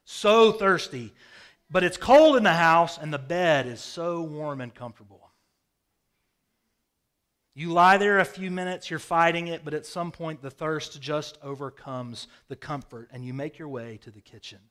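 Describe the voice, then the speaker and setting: A man preaching a sermon, telling vivid stories with sudden swings from loud bursts to quiet, hushed phrases. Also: a little high, normal speed. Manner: storytelling, dramatic swings in loudness. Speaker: pastor. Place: rural home with a hayfield.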